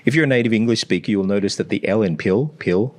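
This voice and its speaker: Deep-voiced Australian man explaining sounds. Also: rapid-fire. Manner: demonstrates sounds aloud, teacherly. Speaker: language coach. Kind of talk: explanatory analysis.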